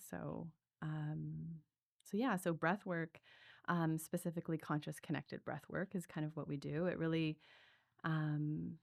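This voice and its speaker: Low, gravelly-voiced woman speaking earnestly. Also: unhurried, a little mellow, dry recording, clean studio sound. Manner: earnest, reflective, many spoken fillers. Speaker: breathwork coach. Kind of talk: telling her story in a podcast interview.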